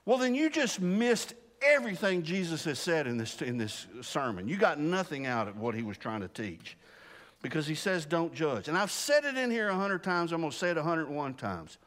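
Animated preacher man in a hall. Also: on the high side, moderate pace. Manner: animated, repeats and restarts, laughs at himself. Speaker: pastor. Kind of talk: casual sermon Bible study.

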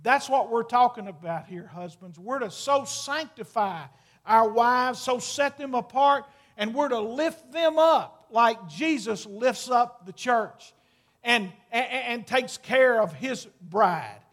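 High-voiced preacher, emphatic. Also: male voice, expressive, slow, a bit bright. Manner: earnest, drawls out key words for emphasis; folksy, talks straight to the congregation. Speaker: pastor. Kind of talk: sermon.

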